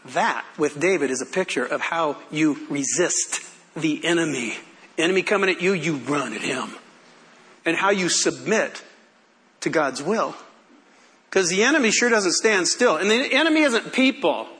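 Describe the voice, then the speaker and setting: An older man preaching a sermon as pastor, telling stories in an animated way and often laughing. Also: on the high side.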